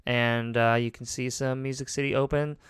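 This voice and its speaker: A man's voice: medium pitch, flat delivery, normal speed, a bit bright, smooth, no room sound, clean studio sound. A man hosting a sports radio show with easygoing, playful banter. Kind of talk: casual sports radio chat.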